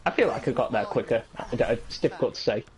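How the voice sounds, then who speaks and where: A British man co-hosting a gaming podcast, chatting casually while playing and breaking into excited shouts. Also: medium pitch, fast talker. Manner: jokey, bursts into excited shouts. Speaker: podcast co-host.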